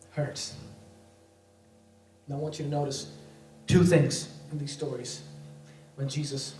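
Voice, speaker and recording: A man preaching a sermon in a high voice, shifting between hushed and impassioned. He sounds far from the mic in an echoey church sanctuary, with soft music playing underneath. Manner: emotive, swings between hushed and raised. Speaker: pastor.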